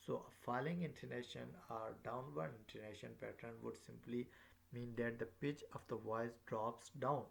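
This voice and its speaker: A man teaching a recorded lecture, speaking haltingly with many fillers and repeating his phrases as he explains. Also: mid-range voice, gravelly.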